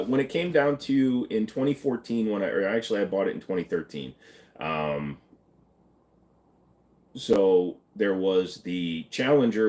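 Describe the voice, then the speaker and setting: A man's voice: low voice, a little mellow. A man hosting a live stream, casually reading and answering chat questions in an offhand, joking way.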